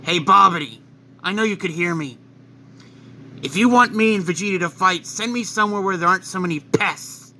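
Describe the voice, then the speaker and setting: A man's voice: sits high, normal speed, bright, forceful tone, a little hiss or hum, exaggerated voice. A man playing cruel, taunting possessed warrior. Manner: taunting, cold, boastful. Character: evil possessed male alien warrior, arrogant and cruel.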